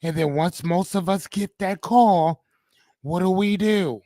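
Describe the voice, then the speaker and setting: A man with a high, mellow voice speaks a little slowly, with no echo, while hosting a motivational live stream. His delivery is casual and profane, and he repeatedly asks "right?" to check in.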